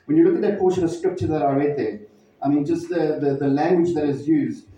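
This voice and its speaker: A man's voice: fairly high pitch, dark tone. Man preaching from far off in an echoey hall. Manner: conversational storytelling, halting restarts. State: emotional, near tears. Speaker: pastor. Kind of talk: sermon. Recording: distant mic in echoey hall, dull sound.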